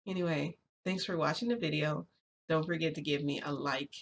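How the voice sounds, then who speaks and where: Venting in a casual vlog chat, this speaker rambles confessionally, often restarting and using fillers. The gravelly, creaky voice sits at a middling pitch with a steady tone and brisk pace, over a faint hum of noise.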